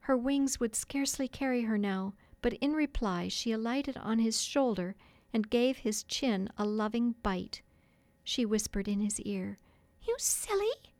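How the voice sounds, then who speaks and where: Woman narrator, storybook, expressive and measured, dry close mic. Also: fairly high pitch, no echo.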